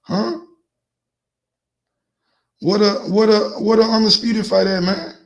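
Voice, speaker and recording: Excitable man hosting a call-in sports show. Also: high voice, fairly quick, creaky. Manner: loose, excitable, repeats words, laughs often. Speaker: host. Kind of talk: casual sports call-in talk.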